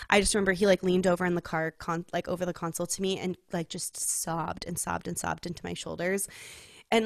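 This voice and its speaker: A woman's voice: lowish voice, no echo, studio quality. Chatty young woman telling a story. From California. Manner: chatty storytelling, heavy use of "like", laughs often. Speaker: podcast co-host. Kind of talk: casual heartfelt chat.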